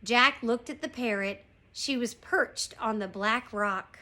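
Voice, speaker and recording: Slow, expressive woman teacher reading aloud. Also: on the high side. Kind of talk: storybook read-aloud.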